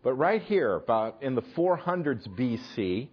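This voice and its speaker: Husky-voiced man preaching a sermon. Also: medium pitch, measured pace, lo-fi sound. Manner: animated, emphatic retelling with sudden loud punches. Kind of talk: sermon storytelling.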